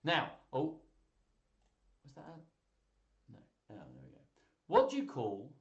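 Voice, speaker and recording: A man's voice: medium pitch, wildly swooping pitch, slow, reverberant, muffled recording. A man hosting a live children's joke stream, chatting casually and laughing as he reads jokes aloud.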